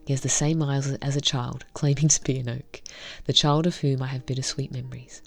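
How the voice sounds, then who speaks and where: A woman reading a visual novel aloud and commenting on it, in a soft, half-whispered, heartfelt way. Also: extremely low pitch, steady tone, fairly quick. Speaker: game reviewer.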